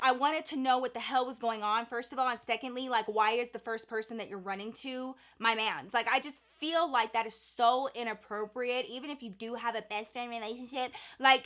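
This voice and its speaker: A young woman tells a story for her vlog. She is animated and a bit dramatic, with casual swearing. Her voice is bright and sits a little high. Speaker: vlogger.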